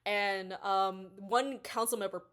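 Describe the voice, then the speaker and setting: A woman's voice: medium pitch, steady tone, slow, a bit bright. A young adult woman rambling casually through a book review, full of fillers and restarts.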